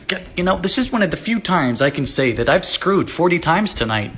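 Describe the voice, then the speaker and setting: A man's voice: fairly high pitch, very animated, normal speed, fairly bright tone. Male, casual sarcastic grumbler, faint background hiss. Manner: grumbling, sarcastic, talking to a painting. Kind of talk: casual joking monologue.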